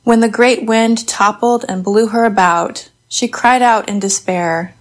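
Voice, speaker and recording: A woman giving a slow, measured and contemplative poetry reading. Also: a little high, fairly even intonation. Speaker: poetry reader.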